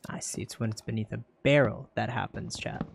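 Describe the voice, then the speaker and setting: Gravelly laid-back man gamer. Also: on the low side, steady tone, a little hiss or hum. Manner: laid-back, dry, halting. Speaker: host. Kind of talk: casual gaming chat.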